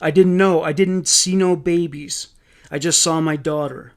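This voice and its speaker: Brief: man reading distraught mother in interrogation, short pleading lines, slightly high voice. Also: fairly even intonation, measured pace. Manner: pleading, broken questioning answers read aloud. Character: distraught mother under police questioning.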